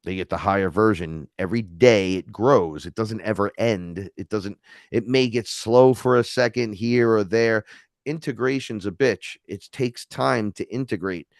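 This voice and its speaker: A man from New York, a podcast guest, telling stories in a casual, animated way, swearing and acting out the dialogue. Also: on the low side, unhurried, vocal fry, dry recording, clean studio sound. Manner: animated, profane, acts out quoted dialogue. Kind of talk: casual storytelling conversation.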